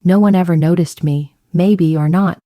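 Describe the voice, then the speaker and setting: A woman narrating a first-person story in a calm, measured way. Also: on the low side, no echo, lo-fi sound.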